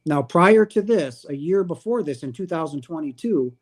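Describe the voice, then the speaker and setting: This is a man hosting his own livestream, speaking in a fairly high voice. He tells a personal spiritual story in an easy, conversational way. He gets animated and acts out the lines of the people involved. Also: normal speed. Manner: animated, acts out quoted dialogue. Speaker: livestream host.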